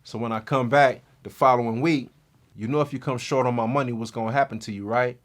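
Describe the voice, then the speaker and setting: A man's voice: mid-range voice, fairly even intonation, a little fast. A man telling his own life story as a guest, in streetwise slang with vivid, dramatic retelling. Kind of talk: first-person life story.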